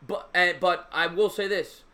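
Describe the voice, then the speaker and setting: A man's voice: high voice, steady tone, unhurried, bright, forceful tone. A man hosting a live call-in sports talk show, chatty and teasing his callers.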